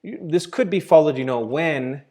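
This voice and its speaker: A man teaching English grammar, explaining slowly and checking in with "right?" and "okay?" as he goes. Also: a little high, animated, darkish tone. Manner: patient, repeats points with "right?" and "okay?".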